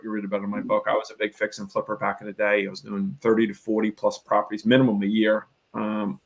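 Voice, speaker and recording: A middle-aged man with a gravelly, fairly low voice tells a long personal story in an interview. He rambles earnestly and plays out past conversations in his own voice. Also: poor audio. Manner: earnest, rambling, emphatic, quotes himself and others. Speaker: real estate investor and coach.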